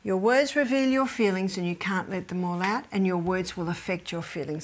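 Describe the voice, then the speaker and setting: A middle-aged woman giving a health seminar that weaves in Bible teaching. She tells stories lively, laughs often, and drops to a soft whisper for emphasis. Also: lowish voice, moderate pace. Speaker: health educator.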